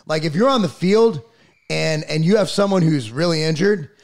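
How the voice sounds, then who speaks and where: A man's voice: a little high, normal speed, creaky. A middle-aged man ranting in a casual podcast chat, swearing freely and getting heated. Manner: profane, fired-up ranting.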